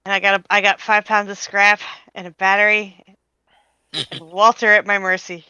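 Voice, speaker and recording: A tired, yawning woman playing in a tabletop game and chatting in a relaxed, easygoing way. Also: mid-range voice, normal speed, clear, resonant tone, dry recording. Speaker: player. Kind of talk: casual tabletop role-play. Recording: dull lo-fi mic.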